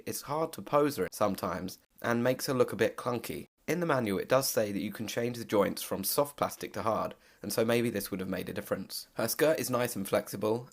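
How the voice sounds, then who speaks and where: A man hosting a casual product review voice-over, talking in a candid, relaxed way with occasional hesitations. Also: on the low side, gravelly. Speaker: host reviewing a model kit.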